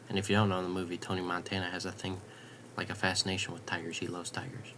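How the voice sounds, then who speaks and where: Low-voiced young man rambling late at night. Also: flat delivery, quick pace, noisy background. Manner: rambling, profane, drifts into soft half-whispers. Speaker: vlogger.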